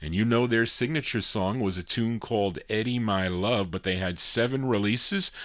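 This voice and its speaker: A man's voice: on the low side, moderate pace, fairly bright tone, dry recording, clean studio sound. A man hosting a live oldies record show, chatting casually between songs with easy fillers. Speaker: radio DJ host.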